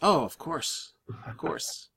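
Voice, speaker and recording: A man's voice: on the high side, animated, gravelly, sharp tone, husky. A man running a tabletop game as game master, narrating with frequent fillers and restarts. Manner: halting, many fillers and restarts.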